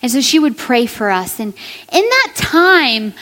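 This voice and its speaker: Young woman preacher with a high voice, earnest and chatty, echoing through a big hall. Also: sing-song, unhurried, a bit bright. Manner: earnest, conversational, speaks to the women in the room. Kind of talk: sermon.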